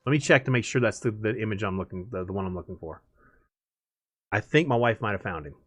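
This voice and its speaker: Streamer, male, rambling casual chat, mid-pitched voice, dry close mic. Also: fast talker, fairly bright tone, no echo. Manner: rambling, chatty, laughs often. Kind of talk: casual chat while gaming.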